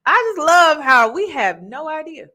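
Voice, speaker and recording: A woman host with a bright, forceful voice. She chats casually and expressively, laughing and turning to speak to her viewers. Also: high voice, sing-song, a little slow. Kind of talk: casual reaction chat.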